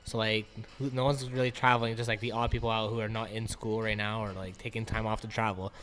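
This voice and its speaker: A man's voice: fairly low pitch, little pitch movement, fairly bright tone. A young man from Canada, a guest who works in a grocery store, talking in casual chat with swearing and plenty of "like". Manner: fast, swearing, many "like" fillers.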